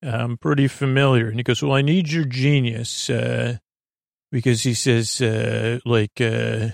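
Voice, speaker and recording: A man hosting a sleep podcast, retelling a TV episode in a low-key, drowsy ramble full of ums, likes and restarts. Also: fairly even intonation, unhurried, creaky, no echo, studio quality. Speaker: podcast host.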